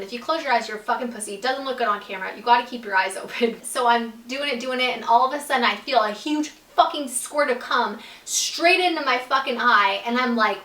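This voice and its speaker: A woman's voice: on the high side, fairly bright tone. A young woman telling a casual, blunt and profane storytime, full of "like" fillers. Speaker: vlogger telling stories. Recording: roomy echo, a bit far from the mic.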